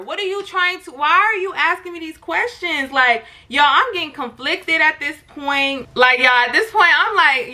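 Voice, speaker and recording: Bright, animated young woman vlogger. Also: sits high, measured pace, hardly any pauses. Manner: animated, slangy, talks straight to viewers. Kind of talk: storytime vlog.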